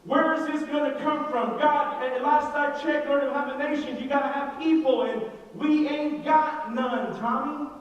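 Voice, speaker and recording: A scoffing old man, put on by a preacher, pushes back in a blunt, folksy drawl, his voice pitched up high. The words ring out across a big echoey hall. They are caught by a mic set far off. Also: fairly even intonation, moderate pace, hardly any pauses, muffled recording. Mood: incredulous.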